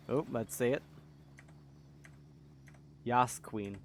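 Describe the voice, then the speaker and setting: A man's voice: medium pitch, steady tone, takes it slowly, long pauses, a little hiss or hum. A man chatting casually on a live stream, reading out viewer messages with wry remarks.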